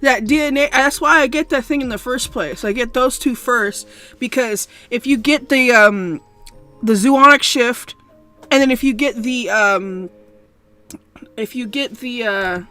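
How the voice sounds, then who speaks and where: A young woman streaming a strategy game, cursing a lot and going from loud frustrated outbursts to quiet rambling explanations. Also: fairly high pitch, measured pace. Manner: swears often, swings from shouting rage to mumbled explaining. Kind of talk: casual gameplay commentary. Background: faint background music.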